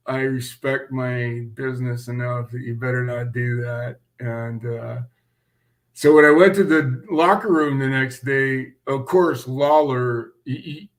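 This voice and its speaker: A man, telling a profane story in a casual interview and acting out the quoted voices. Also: mid-range voice.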